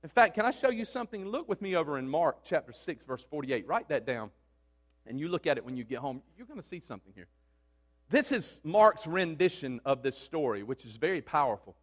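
A man's voice: a little high, sing-song, fairly quick. A man preaching a sermon in an emphatic, conversational way, often asking his listeners questions.

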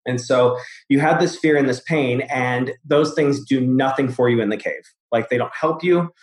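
A man therapist in casual conversation, explaining ideas at length through relaxed storytelling. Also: medium pitch, normal speed. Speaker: therapist, host. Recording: roomy echo.

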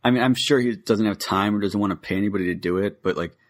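Lowish-voiced man co-hosting a podcast. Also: fast. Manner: opinionated, enthusiastic fan. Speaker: podcast co-host. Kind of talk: casual podcast chat.

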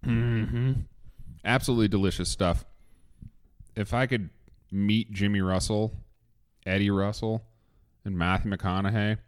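A man's voice: fairly low pitch, steady tone, unhurried, pauses often. A man hosting a casual whiskey tasting podcast, enthusiastic and joking, with some cursing. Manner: enthusiastic, joking, swears freely. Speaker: podcast host.

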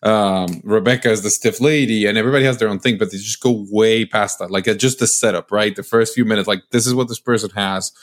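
A man speaking as a podcast guest in casual chat, halting with frequent restarts and fillers. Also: fairly low pitch.

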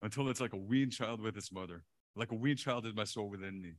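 A male pastor preaching a sermon in an animated way, chuckling often and repeating words for emphasis. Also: fairly low pitch, fast talker.

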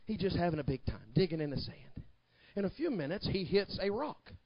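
Male pastor, high-pitched and dramatic, preaching a sermon with shouted peaks and quiet story passages, dry lo-fi recording. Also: very animated, a little fast, no echo. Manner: preaching with shouted climaxes, then hushed storytelling.

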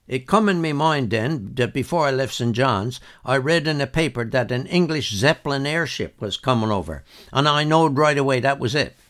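A man puts on an older Newfoundland storyteller, spinning a yarn in thick folksy dialect. The voice rises higher and fuller as the tale gets exciting, with a lively swing to the pitch. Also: normal speed, hardly any pauses, lightly acted. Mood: excited yarn.

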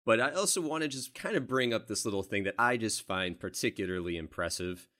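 A man's voice: on the low side, lively intonation, brisk, sharp tone. A man co-hosting a casual movie podcast, telling stories animatedly and laughing along the way. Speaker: podcast co-host. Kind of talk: casual film discussion.

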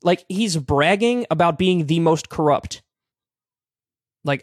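A man with a somewhat high voice hosts a talk show, reading articles aloud and breaking off to mock them with blunt, profane sarcasm. The sound is dry and close, with no room around it. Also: animated, slow, long pauses, no room sound. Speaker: political commentary show host.

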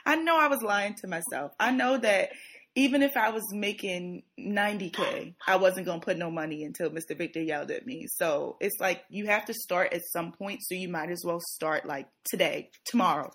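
A woman's voice: fairly low pitch, expressive, normal speed, fairly bright tone. A woman in her twenties chatting casually, candid and self-mocking as she tells a story.

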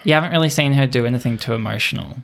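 A man's voice: mid-range voice, rapid-fire, creaky. A man co-hosting a casual film podcast, joking and teasing while he acts out quotes from films. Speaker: podcast co-host.

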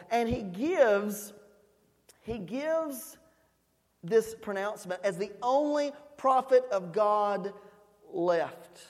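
A preacher giving a sermon with playful, joking storytelling, swinging between loud shouts and quiet asides. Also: mid-range voice, big-room sound.

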